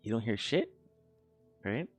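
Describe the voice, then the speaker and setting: A man's voice: medium pitch, very animated, measured pace, slightly rough, faint music behind. A young man streaming while he works on an animation, chatting casually, rambling, laughing and swearing as he tells stories.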